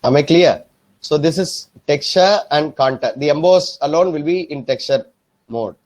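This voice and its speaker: A man teaching a software design lesson, often repeating himself and asking if the class is following. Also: fairly high pitch, moderate pace. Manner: repetitive, keeps checking "am I clear?". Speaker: design instructor. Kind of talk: screen-recorded software tutorial.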